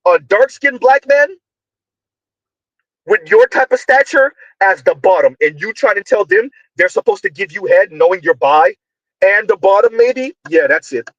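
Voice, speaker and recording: A man with a notably high voice runs a heated commentary, loud and emphatic, often close to shouting. He leans on slang, repeats himself and fires off rhetorical questions. The recording is dry and a little dull, with no room sound. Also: lively intonation, normal speed, no room sound. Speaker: online commentator.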